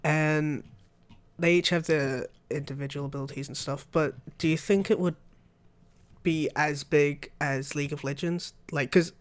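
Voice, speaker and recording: Young male podcast co-host, chatty and rambling, light higher voice. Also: steady tone, a little slow, clear, resonant tone. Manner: rambling, chatty, laughs often. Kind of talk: casual gaming chat.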